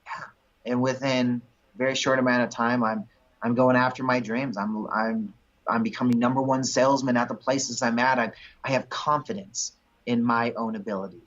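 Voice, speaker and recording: Husky-voiced man telling animated stories. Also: medium pitch, moderate pace. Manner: animated storyteller who acts out quotes. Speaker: guest. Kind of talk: storytelling in an interview. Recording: dull lo-fi recording.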